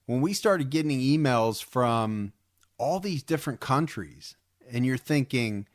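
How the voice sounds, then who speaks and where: A man's voice: medium pitch, lively intonation, a little slow, dry recording. A man co-hosting a podcast in an easygoing chat, his mid-range voice close and dry. He rambles, circles back, and restarts sentences with eager energy. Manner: rambling, repeats words, enthusiastic. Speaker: podcast co-host.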